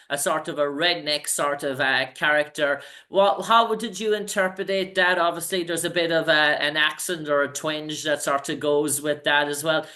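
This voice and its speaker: A man's voice: a little high, pushed and bright. An Irish man hosting an interview, asking long, rambling questions in a casual chat. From Ireland. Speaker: interview host.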